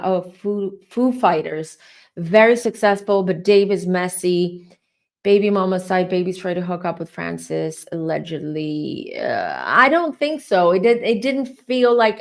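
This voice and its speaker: Chatty emotional woman tarot reader. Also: mid-range voice. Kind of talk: live tarot reading chat.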